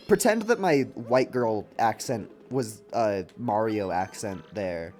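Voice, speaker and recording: A man's voice: fairly low pitch, darkish tone. Chatty young man streaming a game. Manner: chatty, laughs often, drops in silly voices. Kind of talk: casual gameplay commentary. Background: faint game music.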